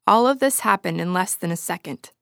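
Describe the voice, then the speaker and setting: A woman reading a story aloud with expressive, dramatic narration. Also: lowish voice, fairly quick, creaky, dry recording, studio quality.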